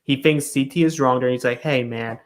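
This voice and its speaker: A man's voice: medium pitch, fairly even intonation, fast talker. A man co-hosting a reality show recap in a casual chat, retelling scenes and briefly acting out the cast's lines.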